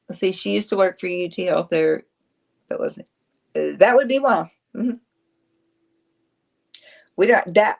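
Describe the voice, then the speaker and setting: A woman's voice: on the low side, vocal fry. A woman, chatting casually on a livestream, rambling, answering viewers and laughing often. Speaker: livestream host.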